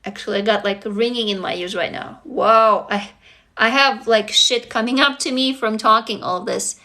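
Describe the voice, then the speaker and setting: A woman speaks in a high, bright, forceful voice. She hosts a livestream and talks in a raw, intense way, swearing freely and circling back to the same phrases again and again. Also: fairly even intonation, moderate pace. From Russia. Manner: raw, intense, profane, repetitive. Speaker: livestream host. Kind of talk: emotional livestream monologue.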